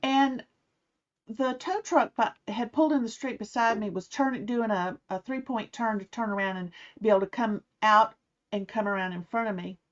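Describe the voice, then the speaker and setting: A woman's voice: on the high side, moderate pace. A middle-aged woman telling a personal story in a casual way, acting out the people she quotes. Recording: slightly muffled, dull sound.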